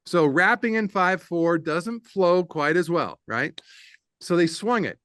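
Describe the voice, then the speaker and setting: A man's voice: high voice, a little slow, clean tone, no echo. Middle-aged man telling studio anecdotes. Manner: animated anecdote-teller, laughs often, slips into voices for others. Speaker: guest, producer and audio engineer. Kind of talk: casual interview storytelling.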